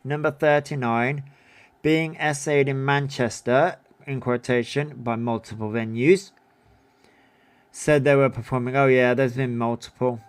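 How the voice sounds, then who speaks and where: A man's voice: medium pitch, fairly even intonation, measured pace, smooth. A man hosting a livestream in casual commentary, reading down a numbered list and adding offhand remarks. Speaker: livestream host.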